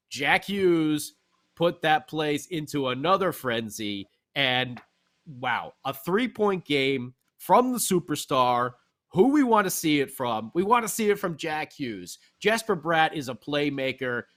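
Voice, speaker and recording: A man hosting a hockey podcast, recapping a game with animated fan enthusiasm. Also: fairly high pitch. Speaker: podcast host. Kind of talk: excited sports talk recap.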